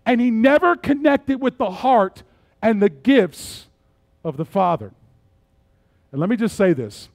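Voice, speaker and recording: A middle-aged male pastor preaching a sermon, swinging between soft, low passages and loud, emphatic ones. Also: expressive, unhurried, vocal fry, pauses often, dry recording.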